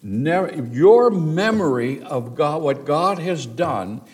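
A man's voice: a little high, lively intonation, slow pace, a little mellow. A man teaching a Bible study sermon, reading scripture aloud with dramatic emphasis.

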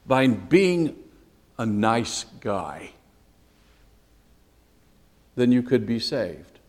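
A man, a pastor, teaching a sermon in an animated, emphatic and conversational way. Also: mid-range voice, big-room sound.

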